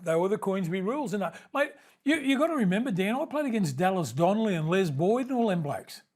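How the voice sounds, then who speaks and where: An Australian man in his sixties, a guest on a podcast, telling old footy stories in a lively way, often laughing and calling people mate. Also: high-pitched, fast talker. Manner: animated storyteller, laughs often, calls everyone mate. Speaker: podcast guest, former rugby league player. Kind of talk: casual chat.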